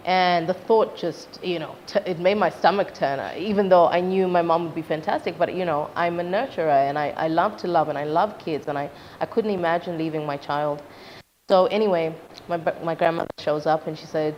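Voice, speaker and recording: Young woman from zimbabwe telling stories in an interview, lowish voice, dull lo-fi sound, bit of noise. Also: normal speed. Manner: animated storytelling, acts out quoted parents, laughs often. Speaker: interview guest, singer. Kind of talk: casual interview chat.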